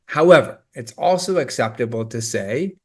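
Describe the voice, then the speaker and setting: A man's voice: medium pitch, animated, moderate pace, slightly rough. Upbeat male test-prep teacher. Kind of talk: scripted instructional explanation.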